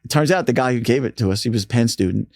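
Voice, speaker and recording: A man guesting on an interview, telling anecdotes in a casual, animated way and acting out the people he quotes. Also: mid-range voice, racing, no echo, studio quality. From United States. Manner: animated storyteller, acts out quoted voices. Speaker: radio programming manager, interview guest.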